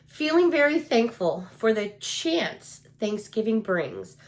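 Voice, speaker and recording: Still stuffed up and without her full sense of smell, this middle-aged haul vlogger with a Chicago accent chats about her cute purchases and quizzes her viewers. Her voice is a little high and very animated, and she takes it slowly.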